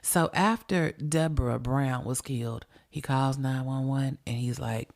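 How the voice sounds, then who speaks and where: A woman's voice: very deep voice, a little slow, creaky, a little mellow. A woman hosting a true crime podcast, telling the story in a profane, emphatic, conversational way and talking straight to her listeners. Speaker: podcast host.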